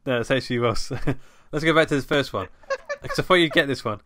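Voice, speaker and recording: A man's voice: mid-range voice, brisk, a bit bright, dry recording. A man co-hosting a podcast in casual chat, joking, laughing often and running a quiz. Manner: jokey, laughs often, wordplay. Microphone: headphones, home mic.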